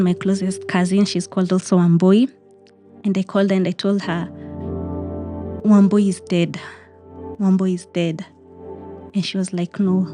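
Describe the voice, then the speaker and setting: A young Kenyan woman with a warm, mid-range voice tells a personal story of grief. She's emotional, repeats phrases, and mixes in Swahili words.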